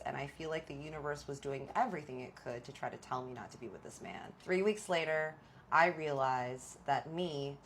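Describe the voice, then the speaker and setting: Woman, low voice, chatty storytime vlog, confiding, faint background noise. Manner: chatty, confiding, addresses viewers directly. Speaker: storytime vlogger. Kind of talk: casual storytelling.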